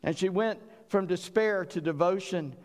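A man's voice: high-pitched, moderate pace, in a large hall. A man preaching a sermon, telling stories animatedly as he acts out voices. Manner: animated storytelling, acting out voices. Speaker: pastor.

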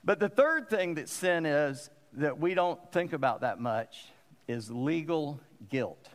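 A man's voice: on the high side, animated, slow. Man, pastor, sermon, emphatic, repetitive, long church reverb. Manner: emphatic, repeats phrases for stress.

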